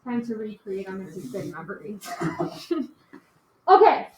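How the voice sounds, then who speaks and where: A woman's voice: mid-range voice, very animated, takes it slowly. A woman teaching a class, chatty and casual, filling her talk with "like" and "okay". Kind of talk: classroom lecture. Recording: echoey classroom, faint noise.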